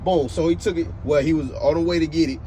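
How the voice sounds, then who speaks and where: Guy ranting a storytime to his phone, kinda high voice, cussing a lot, faint cars in the back. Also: quick pace, slight background noise. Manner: animated, profane, keeps asking "you know what I'm saying". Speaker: vlogger telling a story. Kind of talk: casual storytime rant.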